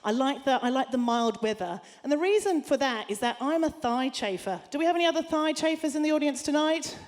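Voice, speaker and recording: A brash Australian woman in her forties doing stand-up on a theatre stage. Her voice sits high for a woman, and her crude, self-mocking delivery rises into shouted punchlines. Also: animated, a little fast. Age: 40s. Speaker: stand-up comedian. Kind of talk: stand-up comedy set.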